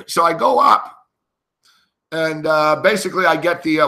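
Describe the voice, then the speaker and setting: A brash middle-aged man tells a sports story to his live chat, swearing freely and laughing between lines. His voice is very bright and cutting and sits a bit high for a man. He talks in loose, casual bursts, like a host riffing. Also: moderate pace. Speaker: sports betting show host.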